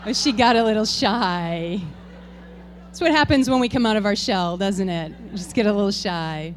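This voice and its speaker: A woman's voice: medium pitch, moderate pace. A woman serving as board president, hosting a farewell tribute and talking to the congregation in a chatty, informal way. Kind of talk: ceremony address to a congregation. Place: church hall with an audience.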